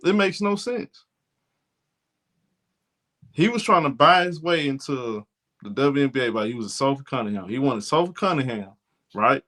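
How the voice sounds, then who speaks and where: A man's voice: medium pitch, expressive, moderate pace, pauses often, fairly bright tone. A man hosting a sports talk show, giving blunt, indignant commentary and often repeating himself.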